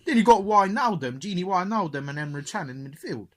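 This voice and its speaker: A man's voice: sits high, expressive, fairly quick. A man co-hosting a casual football podcast, swearing freely and saying "mate" at every turn. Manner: laddish, swears a lot, says "mate" constantly. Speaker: podcast co-host.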